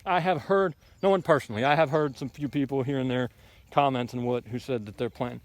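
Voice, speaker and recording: A man's voice: medium pitch, a little fast, no echo. Blunt, rambling man on a garden walk. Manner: blunt, opinionated, rambling with frequent fillers. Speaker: homesteading vlogger. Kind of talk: casual ranting garden tour. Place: outdoors in a garden.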